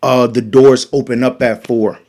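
A man hosting a podcast, telling a profane story in a casual, animated way, swinging from loud bursts to hushed asides. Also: medium pitch, measured pace. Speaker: podcast host.

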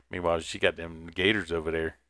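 Man, deep-ish smooth voice, casual profane podcast chat. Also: flat delivery, normal speed, bright, forceful tone, dry recording, clean studio sound. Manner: profane, laid-back storytelling with frequent laughs. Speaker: podcast co-host.

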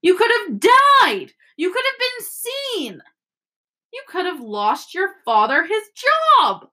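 A woman voicing a short, plump mother who is furious with her sons, scolding them in a shrill, rising voice. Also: huge pitch swings, slow, sharp tone, exaggerated voice. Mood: shouting.

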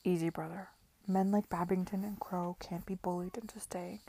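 A woman reading the part of a cool, weary gentleman in an audiobook, curt and icy. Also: fairly low pitch, steady tone, normal speed, slight background noise, natural voice.

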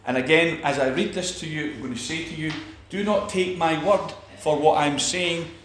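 A man's voice: a little high, steady tone, normal speed, a bit bright, reverberant, a little hiss or hum. A man preaching a sermon, emphatic, with repeated phrases and restarts.

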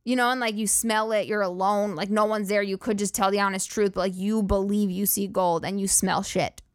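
A woman's voice: mid-range voice, steady tone, brisk, no room sound, studio quality. A woman hosting a comedy podcast, rambling through profane, giggly riffs. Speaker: podcast host. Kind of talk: casual comedic monologue.

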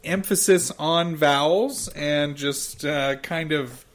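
A man's voice: on the high side, takes it slowly. A man co-hosting a casual chat, upbeat and chatty with hesitant starts. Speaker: podcast co-host.

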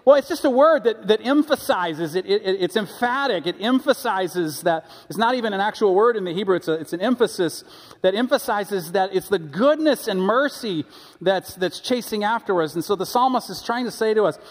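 A pastor preaching a sermon in a conversational, animated storytelling way, often restarting his sentences. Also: sits high, normal speed, big-room sound. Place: church sanctuary.

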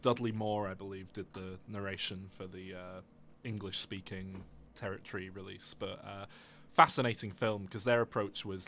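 A man's voice: low-pitched, steady tone, normal speed, a bit bright, a little hiss or hum. A man co-hosting a podcast, chatting casually about a film and telling a rambling, self-mocking anecdote. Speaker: podcast co-host. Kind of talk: casual film review chat.

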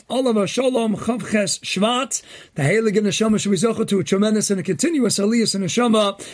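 High-voiced man giving an animated Torah talk. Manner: animated, rising to emphatic near-shouts, Yeshivish Hebrew terms. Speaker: host of a daily inspirational talk. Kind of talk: Torah inspiration talk with jokes.

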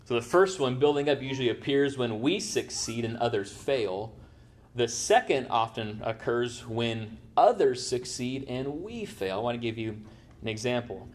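A man's voice: mid-range voice, animated, moderate pace. A man preaching a sermon as pastor, in a conversational way, often checking in with "right?". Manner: conversational, tags points with "right?".

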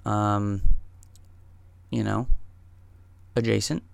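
A man with a gravelly, fry-edged voice recounts a story on his podcast, loose and casual, swearing freely and calling the listener "dude." The sound is close and dry, with no room around it. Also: on the low side, flat delivery, drawn-out words, dry recording. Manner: profane, emphatic, says "dude" and "man" a lot. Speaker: podcast host.

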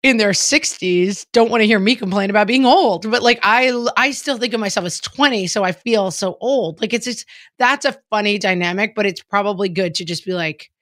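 A woman's voice: mid-range voice, moderate pace, a bit bright, no echo, studio quality. A woman in her forties chatting casually on a podcast, laughing often and filling her talk with "like". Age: 40s. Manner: chatty, laughing, frequent "like" fillers. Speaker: podcast co-host. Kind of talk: casual chat.

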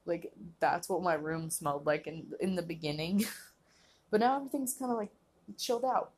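A woman's voice: lowish voice, normal speed, husky. A young woman hosting a casual solo podcast, rambling and laughing often, filling her talk with "like". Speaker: podcast host.

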